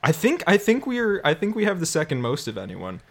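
A man's voice: a little high, huge pitch swings, fairly quick, vocal fry. Rambling male podcast co-host. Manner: rambling, restarts, playful. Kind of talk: casual comedic chat.

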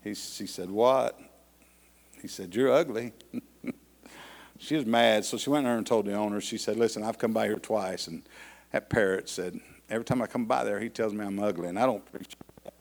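A man's voice: lowish voice, a little fast, creaky, pauses often. A man preaching an evening church service, telling a folksy joke story with chuckles before reading scripture. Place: church sanctuary. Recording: long hall reverb.

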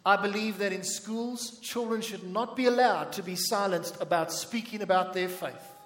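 Male pastor, emphatic sermon delivery, high-pitched, roomy echo. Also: moderate pace, a bit bright. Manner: emphatic preaching. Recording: echoey church hall reverb.

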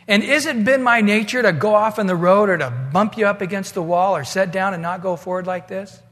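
A man's voice: high voice, a little fast, a bit bright. A man voicing a reproachful talking donkey. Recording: long hall reverb.

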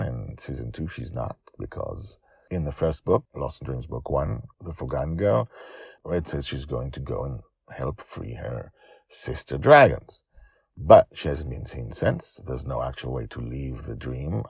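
A man with an extremely deep, gravelly voice narrates his own storybook and talks about how he wrote it. His reading swings through a wide range of pitch, and the sound is dry and close. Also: measured pace, no echo. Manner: lively, expressive reading. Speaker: author and storyteller. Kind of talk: storybook narration and author commentary.

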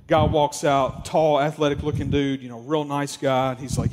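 A man's voice: a little high, normal speed, hardly any pauses. A man telling a story casually and animatedly, with lots of fillers. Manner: animated, acts out quoted voices, many fillers. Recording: long hall reverb.

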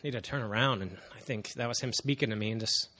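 A man in his thirties giving an earnest, halting personal testimony to a congregation, with frequent pauses and fillers. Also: medium pitch, sharp tone. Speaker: church member giving testimony.

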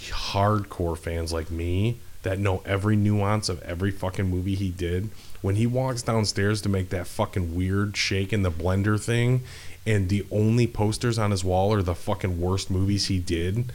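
A man with a very low voice holds forth in loose, laid-back chat. He rambles and swears freely as he talks. His delivery stays easygoing and conversational. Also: fairly even intonation, normal speed, darkish tone. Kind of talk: casual chat.

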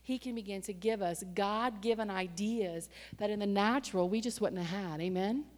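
A woman preaching a sermon and telling a personal story in a lively, conversational way, with sudden surges in pitch and loudness. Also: moderate pace. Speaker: church staff member and preacher. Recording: long hall reverb.

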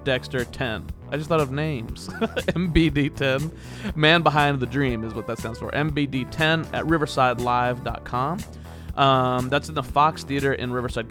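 A man hosting a podcast, talking casually and rambling cheerfully through announcements, with laughs and playful jumps in pitch. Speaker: podcast host. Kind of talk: casual podcast intro monologue.

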